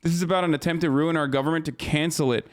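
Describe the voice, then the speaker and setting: Man, streamer host, casual live commentary, profane, incredulous, somewhat high pitch. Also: fairly even intonation, rapid-fire.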